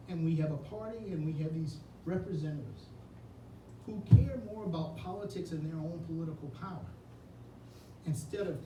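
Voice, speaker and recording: A man giving an earnest, emotional campaign speech at an indoor reception, telling a personal story. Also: fairly high pitch. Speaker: Senate candidate. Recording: echoey room, mic far off, noisy.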